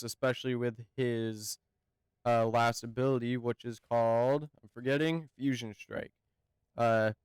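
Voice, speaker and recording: Male game reviewer, mid-pitched, very smooth and resonant tone, hesitant and halting delivery, close dry mic. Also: no echo. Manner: hesitant, halting, often searching for words. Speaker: gaming channel host. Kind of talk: casual game review talk.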